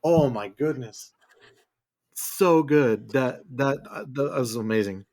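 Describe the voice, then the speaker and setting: An excited man co-hosts a casual film review podcast. His mid-range voice stays animated, and he keeps acting out the lines he is quoting. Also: medium pitch, slow pace. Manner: enthusiastic, animated, mimics quotes.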